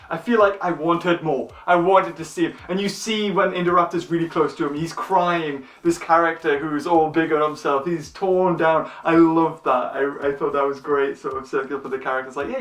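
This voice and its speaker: A man hosting a casual movie review chat, excitable and tripping over his words. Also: a little high. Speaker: channel host. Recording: echoey room, mic at a distance.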